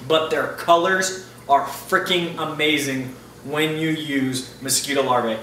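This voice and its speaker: A man's voice: fairly high pitch, fairly even intonation, unhurried, pushed and bright, far from the mic. Upbeat chatty man in an echoey room. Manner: chatty, upbeat, loose and informal. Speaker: aquarium hobbyist answering viewer questions. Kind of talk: casual Q&A vlog. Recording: roomy echo, mic set back, faint ambient noise.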